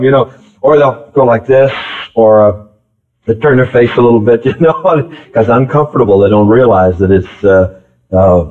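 A man preaching a sermon in an emphatic style, repeating key phrases and calling out questions to the congregation. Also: lowish voice. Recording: tinny phone-like old tape recording.

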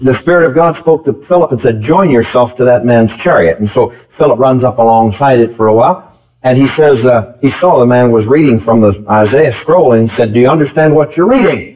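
A man's voice: mid-range voice, brisk. A man preaching a sermon in an emphatic style, repeating key phrases and calling out questions to the congregation. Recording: tinny phone-like old tape recording.

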